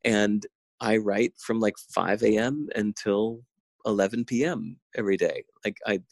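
A middle-aged man with a low, gravelly voice speaks in a casual interview. He talks intensely and in an animated way, full of "like" and restarts. The sound is dry and close. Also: a little slow, no room sound. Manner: intense, animated, lots of "like" fillers. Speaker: guest. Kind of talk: casual conversation. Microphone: remote call.

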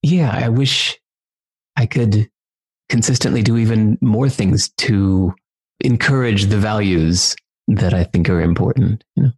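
Husky-voiced man telling parenting stories. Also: lowish voice, unhurried, darkish tone. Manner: rambling, many "like" fillers. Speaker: guest parent. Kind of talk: casual conversational storytelling.

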